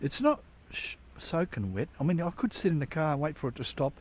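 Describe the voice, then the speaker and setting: Pitched fairly high with big swings and a slightly fast pace, this man's voice comes through with slight background noise. He's vlogging at an outdoor dig site in drizzle while prospecting for gold, rambling, cursing freely and interrupting himself.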